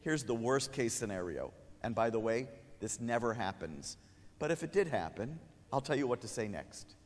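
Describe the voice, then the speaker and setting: A man's voice: medium pitch, moderate pace. Man lecturing in a reverberant hall. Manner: humorous, animated, acts out a kid's lines. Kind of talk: conference lecture. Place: conference hall.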